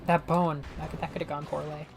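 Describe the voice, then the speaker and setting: A woman's voice: low voice, level tone, quick pace, gravelly, over music. A young woman chatting casually while she plays a game on stream, rambling and laughing often. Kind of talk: casual gaming commentary.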